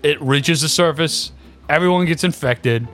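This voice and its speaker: A man's voice: fairly high pitch, normal speed, a bit bright, faint music behind. A young man co-hosting a casual podcast, trying to tell a story while trading joking insults with his friend. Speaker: podcast co-host. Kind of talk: casual chat.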